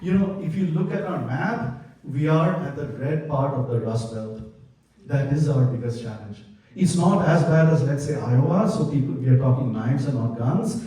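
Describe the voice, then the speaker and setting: A man's voice: mid-range voice, normal speed, mellow. A man giving an impassioned conference presentation, earnest and openly emotional as he pleads for help. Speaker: conference presenter for a devotional community. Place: large conference hall. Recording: echoey hall, voice far from mic.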